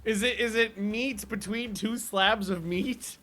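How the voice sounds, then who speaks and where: A man's voice: high voice, unhurried, sharp tone. Chatty man streaming a game. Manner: chatty, rambling, laughs often, self-interrupting. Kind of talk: casual gameplay commentary chatting with viewers.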